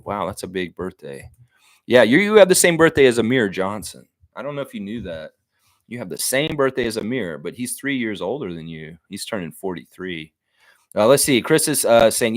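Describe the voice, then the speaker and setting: A man hosting a basketball fan live stream, chatting casually, reading viewer comments and ranting with the odd swear. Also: no echo. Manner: animated, jumps into high-pitched mock voices when quoting people.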